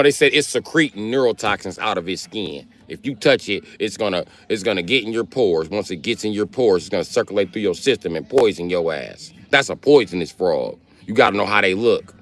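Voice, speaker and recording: Animated profane man telling wild stories. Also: fairly quick, hardly any pauses. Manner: animated, profane, acts out voices, jumps high in pitch. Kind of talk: profane stand-up storytelling.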